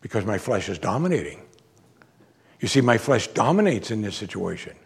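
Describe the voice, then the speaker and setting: Husky-voiced man preaching with emphatic swings. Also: on the low side, normal speed. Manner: animated preaching, swinging between soft asides and raised, emphatic declarations. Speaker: pastor. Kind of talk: sermon.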